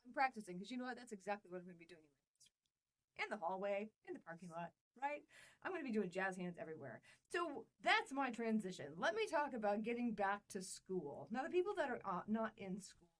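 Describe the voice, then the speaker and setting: An enthusiastic woman hosting her own podcast, full of bubbly energy and playful asides. Her voice sits at a comfortable middle pitch, and she speaks in a loose, chatty way. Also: very animated, brisk, low-quality recording. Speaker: podcast host and publisher. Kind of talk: casual solo podcast talk.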